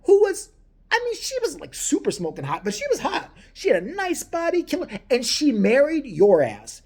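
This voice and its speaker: Profane, animated woman ranting. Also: on the high side. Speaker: vlogger. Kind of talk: crude comedic rant.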